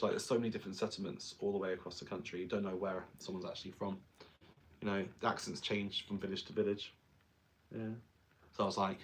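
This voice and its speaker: A young man talks through his drag makeup in a loose, rambling vlog chat. His voice sits fairly low, and he keeps slipping in self-mocking jokes as he goes. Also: steady tone, fast, a little hiss or hum. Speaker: drag performer and vlogger. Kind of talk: casual vlog chat while doing makeup.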